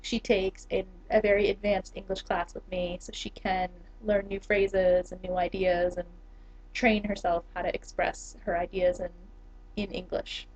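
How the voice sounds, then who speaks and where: A woman's voice: medium pitch, flat delivery, measured pace, darkish tone. A young woman in her twenties, an English teacher, chatting casually to the camera with lots of fillers and laughs. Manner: chatty, giggly, many fillers. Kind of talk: casual vlog talk. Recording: dull lo-fi camera audio.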